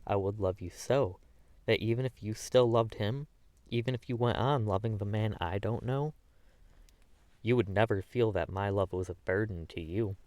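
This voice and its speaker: A man's voice: on the low side, moderate pace, a little mellow, no room sound. A man narrating a classic novel as an audiobook, earnest and emotive with small stumbles.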